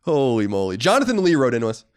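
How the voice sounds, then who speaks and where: A male podcast co-host in loose, casual conversation. He talks at a rapid clip, and his pitch rises and falls animatedly as he works up to his points. His delivery is emphatic and rambling, full of quick restarts. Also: sing-song.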